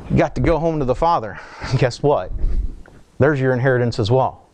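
A man's voice: mid-range voice, expressive, moderate pace, a little mellow, a little hiss or hum. A man delivering a sermon in a conversational style, reading scripture aloud with asides and restarts. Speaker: preacher.

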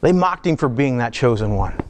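A man's voice: medium pitch, very animated, moderate pace. A man delivering a sermon in a conversational style, reading scripture aloud with asides and restarts. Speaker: preacher.

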